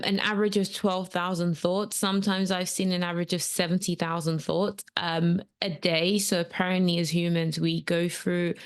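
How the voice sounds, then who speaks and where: A woman's voice: medium pitch, clear, resonant tone. A woman hosting a solo coaching podcast, talking casually with frequent ums and rambling asides. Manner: chatty, rambling, with many ums. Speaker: podcast host and transformational coach. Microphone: camera setup at home.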